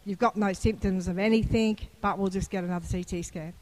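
A woman's voice: mid-range voice, steady tone, brisk, a little mellow. A woman preacher giving a sermon, telling a personal story in a chatty way and rising into fervent, emphatic preaching. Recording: long hall reverb.

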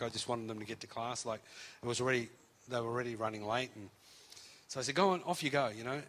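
A man, preaching and telling a testimony story, acting out the voices of the people in it. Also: mid-range voice. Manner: animated, acts out quoted voices.

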